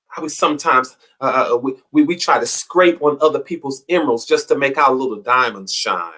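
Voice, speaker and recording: A man gives an inspirational talk to his viewers with a preacher's cadence. His voice sits a little high for a man. He stacks repeated phrases and lets each line swell and then fall back. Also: a bit bright. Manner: preacherly, repetitive, rising and falling emphasis. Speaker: motivational show host.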